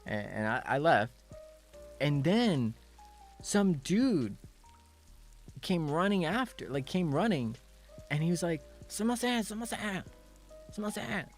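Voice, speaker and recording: Speaking slowly and pausing often, this man chats casually on a stream over soft background music. His story is lively, full of laughter that breaks out high and quotes he acts out.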